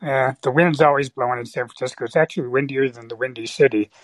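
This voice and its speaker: A man's voice: mid-range voice, quick pace, dry recording. Chuckling male caller, dry sound. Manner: chuckling, hesitant with fillers. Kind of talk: casual phone-in chat.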